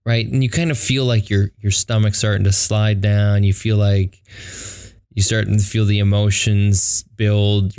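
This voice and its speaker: A man's voice: lowish voice, darkish tone, no room sound, studio quality. A young man hosting a podcast, telling a personal story in a conversational way, with lots of fillers and acted-out quotes. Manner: conversational, many fillers, acts out quoted dialogue. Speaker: podcast host.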